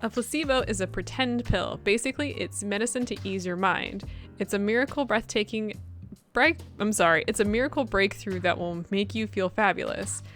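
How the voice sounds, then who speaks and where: A woman's voice: medium pitch, moderate pace, fairly bright tone, soft background music, lightly acted. Woman reading as a smug male company boss. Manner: smug, boastful salesman patter. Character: pompous middle-aged male company president.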